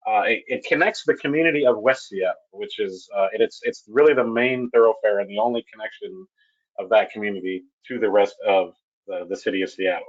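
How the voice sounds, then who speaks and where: A low-pitched man presents a technical webinar, stopping and restarting his sentences often. His voice comes through a computer mic on a web call. The audio is dull and lo-fi. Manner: halting, with frequent restarts and fillers. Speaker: webinar presenter, bridge project manager.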